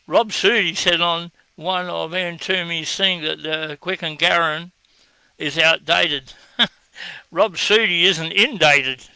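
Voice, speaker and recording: A man's voice: on the high side, flat delivery, slow, creaky, long pauses, sharp tone, clear, resonant tone, no room sound, low-quality recording. An Australian man speaking in a blunt, scornful way, giving a combative monologue as he answers viewer comments.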